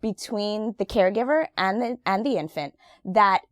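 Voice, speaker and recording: A woman's voice: mid-range voice, lively intonation, normal speed. A woman speech-language pathologist explaining infant speech development in an emphatic, friendly chat. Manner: emphatic, says absolutely often. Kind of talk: expert explaining in casual chat.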